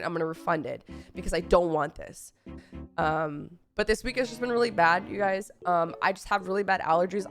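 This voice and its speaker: With a cold dragging her down, a young Texan woman chats on her livestream in a somewhat bright voice of middle pitch. She tells a rambling story casually, breaking off for exasperated side comments.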